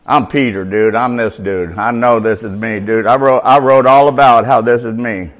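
A man's voice: medium pitch, fairly even intonation, moderate pace. A middle-aged man preaching an informal, slangy sermon at a recovery meeting, shifting from easy talk to emphatic bursts.

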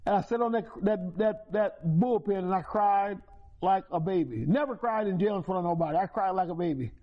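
A man's voice: sits high, a little fast. A man telling his own life story as a testimony at a meeting, folksy and repetitive, with chuckles. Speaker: recovery meeting speaker. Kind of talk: personal testimony. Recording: dull lo-fi recording.

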